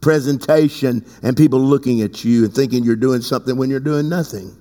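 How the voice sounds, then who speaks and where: A man preaching a sermon as bishop of his church, talking conversationally and breaking into loud emphatic bursts. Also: mid-range voice, brisk. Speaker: bishop and pastor. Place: church sanctuary. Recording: long reverb in a large hall.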